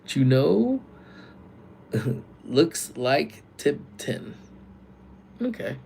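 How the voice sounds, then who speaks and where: A man working security, chatting casually with viewers on a live stream from work, using relaxed slang and calling out loud greetings to people joining. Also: a little high, very slow, vocal fry, slight background noise. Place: workplace community center.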